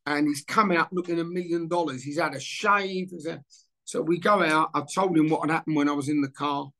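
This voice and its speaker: A former footballer in his sixties talks briskly in a somewhat high voice. Telling an anecdote in a laid-back interview, he animatedly performs the conversation as he goes.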